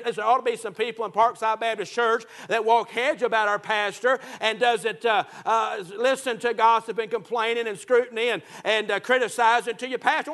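A man's voice: high voice, pushed and bright. A man preaching a Baptist sermon, joking and emphatic, often breaking in with "uh" and "listen.".

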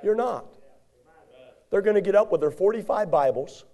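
A man preaching a sermon, telling a personal story in a folksy, animated way and acting out the other people in it. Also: high voice, moderate pace.

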